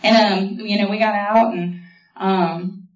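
A woman's voice: mid-range voice, fairly even intonation, slow. A woman shares her personal story as a testimony at a meeting. She talks in a storytelling way with lots of fillers and mimics the people in it. She is heard from a distance in a reverberant hall, and the sound is muffled. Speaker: speaker sharing a recovery story. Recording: echoey hall from far off, dull.

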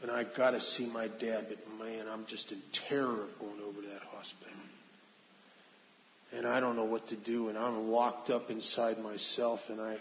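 A man's voice: fairly low pitch, little pitch movement, normal speed, a little hiss or hum. A man earnestly sharing a confessional personal testimony, restarting phrases as he goes. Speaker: speaker sharing his recovery story. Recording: dull reverberant hall recording.

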